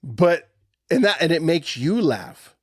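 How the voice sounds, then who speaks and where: A man co-hosting a podcast in casual chat, telling stories in a profane, animated way and laughing often. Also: on the high side, slow pace, breathy edge, dry recording, studio quality. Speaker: podcast co-host.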